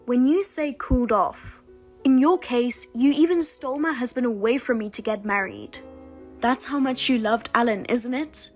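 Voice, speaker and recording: High-voiced woman reading a text story. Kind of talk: scripted narration.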